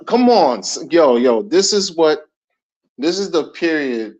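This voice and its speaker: A man's voice: fairly high pitch, big pitch swings, slow, darkish tone. A middle-aged man ranting in casual commentary, emphatic and slangy, repeating his points. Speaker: commentary channel host. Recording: dull lo-fi recording.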